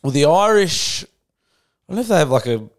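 A man's voice: a little high, sing-song, fairly quick. A man co-hosting a casual podcast, loose and laughing, swearing freely. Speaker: podcast co-host.

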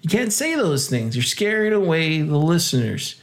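A man hosting a casual crypto podcast, hyped and joking, laughing often and jumping into high exclamations. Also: very animated, normal speed. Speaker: podcast host.

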